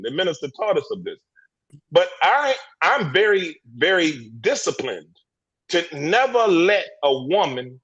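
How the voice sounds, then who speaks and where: A man's voice: a little high, fairly bright tone, slightly rough, dull audio. A man speaking in an impassioned group discussion on a livestream call, preachy and emphatic, repeating words and restarting his sentences. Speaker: panelist in a men's discussion group. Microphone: livestream video call.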